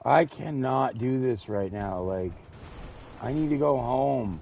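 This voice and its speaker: A man's voice: medium pitch, lively intonation, slow, creaky, warm tone, slight background noise, rough recording. A man casually commenting on his gameplay, rambling and interrupting himself. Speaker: game streamer.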